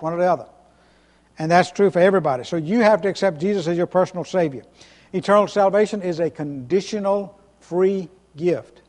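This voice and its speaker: A man's voice: sits high, a little mellow. A man preaching a sermon as pastor, earnest and emphatic, repeating key phrases and restarting sentences. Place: church sanctuary. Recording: long reverb of a church hall.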